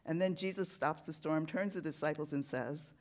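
A preacher's sermon in a church sanctuary unfolds as a story, told with a conversational, animated delivery, a medium pitch, and a slightly fast pace.

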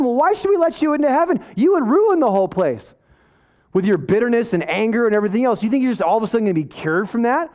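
A man with a notably high voice preaches a sermon to his congregation. He talks in a loose, conversational way, full of asides and jokes, and he sounds fired up. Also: very animated, fast, darkish tone. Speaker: pastor.

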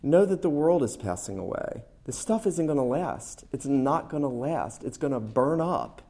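A man's voice: medium pitch, lively intonation, moderate pace, warm tone. A man preaching a sermon to a congregation, earnest and emphatic, often repeating his key phrases. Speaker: pastor.

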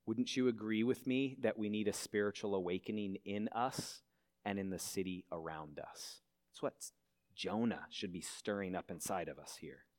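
A man's voice: lowish voice, moderate pace, darkish tone. A man pastor preaching a sermon in a church, earnestly asking his listeners questions. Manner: earnest, asks the congregation many questions. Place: church hall.

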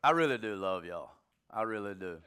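Bright-voiced joking preacher man. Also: lowish voice, fairly quick, clean tone. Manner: animated, joking, conversational preaching. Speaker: pastor. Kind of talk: sermon.

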